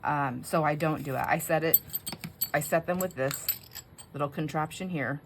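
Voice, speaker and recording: A woman's voice: deep voice, moderate pace, slight background noise. A woman hosting a casual craft chat at home, talking in a rambling, chatty way with many fillers. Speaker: craft channel host.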